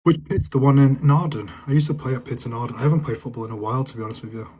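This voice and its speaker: Very fast and breathy-edged, this young man's darkish, mid-range voice carries a northern English accent from England. He's casually live streaming, answering viewer comments in a chatty, loose style and repeating himself.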